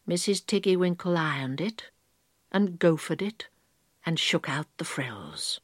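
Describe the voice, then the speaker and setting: A woman reading a storybook aloud slowly in a soft, hushed, often half-whispered voice. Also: on the low side, very animated, slightly rough, no echo, studio quality.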